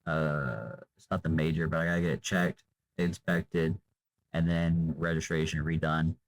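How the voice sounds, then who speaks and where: Speaking at normal speed in a very deep, steady voice, a tired young man vlogs without a script. He meanders, fills gaps with fillers and trails off; the audio is poor with slight background noise.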